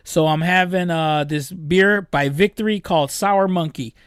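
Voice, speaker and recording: A man co-hosting a casual podcast, profane and quick to laugh. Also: high voice, smooth, no echo, studio quality. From Chicago. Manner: laughs often, profane, animated. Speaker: podcast co-host.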